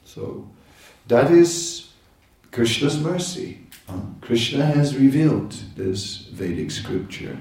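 A man giving an informal spiritual lecture, talking in a conversational, halting way with many fillers and laughing asides. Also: mid-range voice, animated, a little mellow, distant mic. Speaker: spiritual teacher. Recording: echoey room, voice from off-mic.

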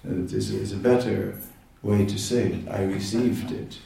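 Low-voiced man lecturing in an echoey hall. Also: steady tone, unhurried, creaky, warm tone, far from the mic, a little hiss or hum. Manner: conversational, hesitant, laughing asides. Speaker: spiritual teacher. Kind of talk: informal spiritual lecture. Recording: echoey room, voice from off-mic.

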